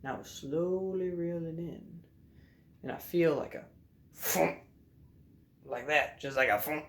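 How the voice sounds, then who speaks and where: A young man casually telling a fishing story to the camera from his messy room at home, in a laid-back drawl with loud shouted bursts as he acts it out. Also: on the high side, normal speed, noisy background.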